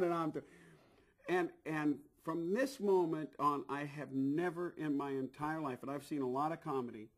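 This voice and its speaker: A middle-aged man telling a long anecdote in an interview, animated, acting out what people said, with frequent restarts. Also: fairly high pitch. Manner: animated, acts out quoted voices, frequent restarts. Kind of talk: anecdotal storytelling.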